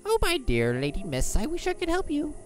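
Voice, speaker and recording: A woman's voice: sits high, huge pitch swings, a little fast, faint music behind. A woman voicing a polite, frail old male rat who speaks courteously and apologetically, in a game playthrough. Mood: courtly.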